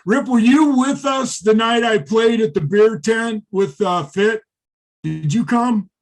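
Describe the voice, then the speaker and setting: A middle-aged former wrestler, a guest in an interview, telling stories in a rambling, profane way with many fillers. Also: male voice, high-pitched, slow pace. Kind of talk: casual interview storytelling.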